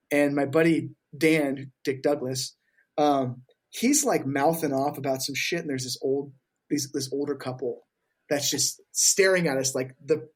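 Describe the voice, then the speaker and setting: Man, slightly high voice, profane, animated, casual podcast storytelling. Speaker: podcast guest.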